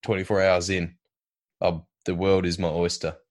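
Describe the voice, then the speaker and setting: A man's voice: low voice, level tone, normal speed. A man co-hosting a podcast, talking in an enthusiastic, rambling way and swearing casually. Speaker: podcast co-host. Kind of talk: casual chat.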